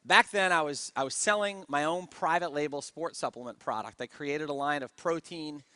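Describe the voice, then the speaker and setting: A man with a high, ringing voice gives a motivational stage talk about network marketing. He tells his story with energy and keeps asking the room for answers. The sound is close and dry. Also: normal speed, pushed and bright, clear, resonant tone, no room sound.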